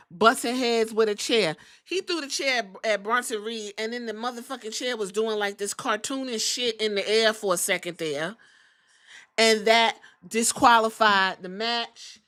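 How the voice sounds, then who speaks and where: A young adult woman hosting a podcast, giving a casual, profane, animated wrestling recap and acting out quotes. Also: on the high side, no echo, clean studio sound. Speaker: podcast host.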